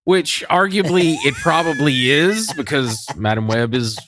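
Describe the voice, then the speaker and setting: A man's voice: on the high side, expressive, unhurried, fairly bright tone, a little hiss or hum. A man co-hosting a podcast, ranting cynically in casual chat, swearing and laughing often. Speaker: podcast co-host.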